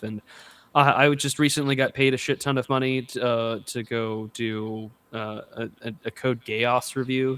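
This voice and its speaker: A man's voice: medium pitch, fairly bright tone. A young man hosting a podcast in casual chat, sarcastic and joking, with frequent swearing. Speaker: podcast host.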